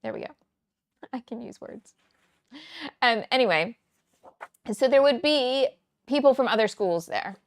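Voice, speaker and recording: A talkative woman in her forties, from around Kansas City, hosting a casual crafting livestream. Her fairly high voice has a gravelly fry to it, and the sound is close and dry. She rambles through stories and laughs often. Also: animated, a little slow, long pauses, no room sound. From United States, Kansas City area. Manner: chatty, rambling storyteller who laughs often. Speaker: scrapbooking teacher and livestream host.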